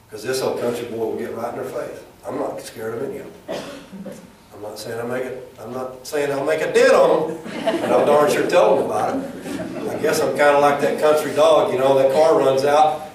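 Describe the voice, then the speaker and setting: A middle-aged man speaks at a chamber event in a plainspoken, storytelling way. His voice sits in an average pitch and carries a long echo from a big hall, picked up from well back of the mic. A faint room noise runs underneath. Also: far from the mic. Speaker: speaker at a chamber event, former football coach. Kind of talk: folksy motivational speech with jokes.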